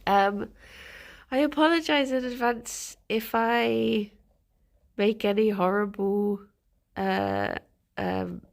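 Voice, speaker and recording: A woman's voice: mid-range voice, takes it slowly, gravelly, pauses often. A woman streamer chatting casually on a live stream, congested from a cold, reading out chat messages and laughing often.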